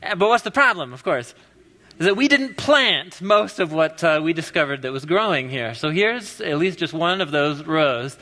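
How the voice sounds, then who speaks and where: A man's voice: high-pitched, moderate pace. A man in his thirties from the US Pacific Northwest, preaching a casual, joking sermon in a church. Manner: animated, joking storyteller. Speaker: pastor. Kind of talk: conversational sermon. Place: church sanctuary. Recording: long reverb of a large hall.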